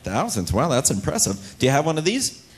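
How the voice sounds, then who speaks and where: A man's voice: mid-range voice, huge pitch swings, fairly quick. A man hosting a talent show on a ship's stage with a handheld mic, teasing and joking with contestants. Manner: teasing, playful banter with contestants. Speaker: cruise ship talent show host. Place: ship theater stage.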